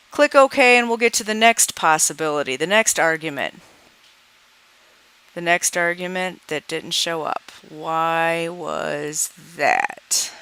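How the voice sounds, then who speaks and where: A woman's voice: lowish voice, bright, forceful tone, clear, resonant tone. A woman walking through a coding example in a screencast tutorial, thinking aloud as she debugs and reads out dialog lines. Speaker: programming teacher.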